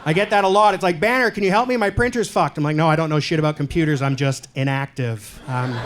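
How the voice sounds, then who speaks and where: A male stand-up comedian from Canada doing a set in a comedy club, deadpan and self-deprecating, with loud punchlines. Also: high-pitched, a little hiss or hum.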